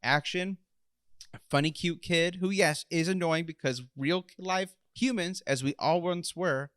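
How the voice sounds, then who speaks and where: Excitable man, casual podcast co-host. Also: fairly high pitch, unhurried, clean tone, dry recording, studio quality. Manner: animated, excitable, swears casually. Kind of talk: casual chat.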